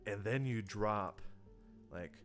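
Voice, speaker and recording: A man's voice: on the low side, takes it slowly, faint music behind. A man on a livestream teaching how to write horror for tabletop role-playing games, talking loosely and conversationally and acting out players' reactions. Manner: loose and conversational, with many fillers and restarts. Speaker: tabletop game design teacher. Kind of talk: livestreamed workshop talk.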